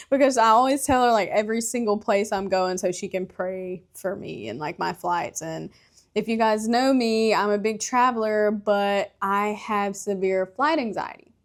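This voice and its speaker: A woman's voice: medium pitch, normal speed. A young woman chats on her own podcast in a loose, candid way. She laughs often and swears freely, as if talking to friends. Her voice sits in an ordinary middle register for a woman. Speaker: podcast host. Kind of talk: casual solo podcast chat.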